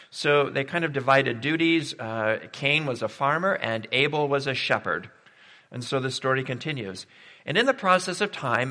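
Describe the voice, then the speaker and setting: Bright-voiced preacher in a reverberant hall. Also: male voice, medium pitch. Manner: conversational, thinking aloud with rhetorical questions. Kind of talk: sermon.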